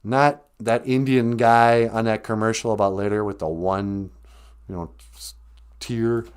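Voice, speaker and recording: Speaking in a lowish, steady, smooth voice at a slightly slow pace, a comedian tells a personal tale on a live stream. It's chatty and full of laughter, with short voiced quotes of others and moments where he gets choked up.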